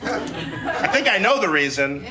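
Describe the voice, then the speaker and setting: A man's voice: fairly high pitch, sing-song, takes it slowly, very noisy. A man in his twenties from Newark doing a loose, laughing stand-up set with playful swearing. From Newark, New Jersey. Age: 20s. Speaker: stand-up comedian. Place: live comedy venue.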